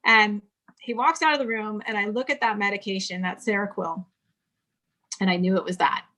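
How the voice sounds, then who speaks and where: Woman in her 40s from California, interview guest, bright and forceful tone, recounts her past frankly. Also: medium pitch, fairly even intonation, normal speed. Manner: candid storytelling, quotes others in dialogue. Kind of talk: casual interview conversation.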